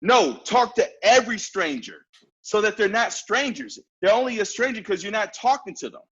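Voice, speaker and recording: A man talking as a podcast guest in casual chat, telling stories in a lively way and acting out what people said. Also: sits high, moderate pace, husky, lo-fi sound. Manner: lively storyteller who acts out quoted lines.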